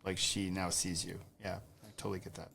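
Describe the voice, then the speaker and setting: Soft-spoken empathetic male podcast host. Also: low voice, little pitch movement, fairly quick, creaky, slight background noise. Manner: empathetic, thoughtful questions with restarts. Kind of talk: interviewing, conversational.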